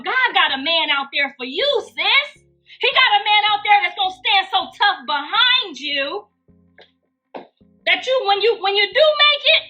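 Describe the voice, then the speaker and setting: A woman's voice: very high voice, sharp tone, lo-fi sound. A woman hosting a live gossip stream, preaching emphatically and calling out to her listeners. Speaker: gossip channel host.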